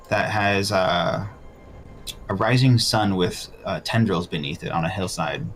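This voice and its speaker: Brief: deep-voiced game master narrating loot and scenes. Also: male voice, a bit bright.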